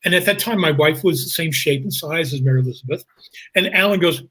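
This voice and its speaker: Brief: guest actor, husky, animated anecdote teller. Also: male voice, fairly high pitch, quick pace, rough recording. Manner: animated, jumps into voices, laughs through stories. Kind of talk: anecdotal storytelling.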